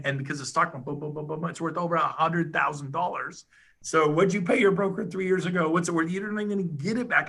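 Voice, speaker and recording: A middle-aged man giving an enthusiastic, emphatic sales pitch as a podcast guest. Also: sharp tone. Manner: fired-up, rapid, emphatic, salesy. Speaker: podcast guest, real estate agent.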